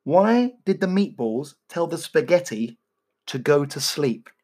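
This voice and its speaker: A man's voice: fairly high pitch, sing-song, unhurried, darkish tone. A man co-hosting a podcast, bantering casually and telling cheeky, crude jokes that he laughs at himself. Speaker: podcast co-host.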